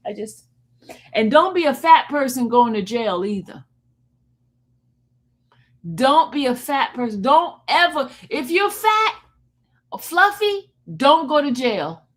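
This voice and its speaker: A woman chats loosely on her own livestream, talking to viewers by name and laughing between remarks. Her voice sits high and jumps around widely in pitch. Now and then she lets out long sighs and yawns. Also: takes it slowly, pauses often. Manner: animated, joking, laughs often, talks to chat by name. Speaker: livestream host. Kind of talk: casual live-stream chat, reading viewer comments.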